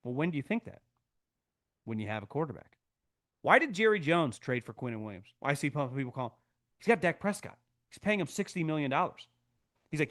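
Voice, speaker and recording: A man's voice: a little fast, long pauses. Opinionated man in a live sports reaction. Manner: animated, opinionated, acts out quotes with pitch jumps. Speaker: podcast host, former NFL scout.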